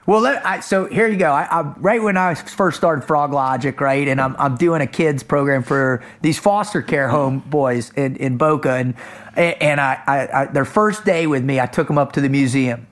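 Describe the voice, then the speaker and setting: A man who runs a kids program, eagerly telling a story in casual conversation. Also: mid-range voice. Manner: eager, quick storytelling with frequent restarts.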